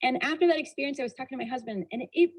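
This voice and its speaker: A motivational speaker, a woman, tells stories by acting out dialogue and throwing rhetorical questions at the audience. Her voice is high-pitched and racing, and the recording is rough.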